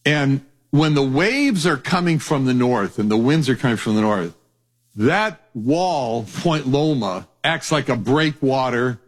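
A middle-aged man preaching a sermon, telling stories with lively acted-out voices. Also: medium pitch, measured pace, slightly rough. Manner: animated storytelling, acts out voices.

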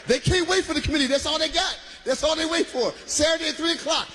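A man from Michigan doing stand-up comedy, loud and shouting his punchlines while laughing through the bits. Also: extremely high pitch, fast talker, hardly any pauses.

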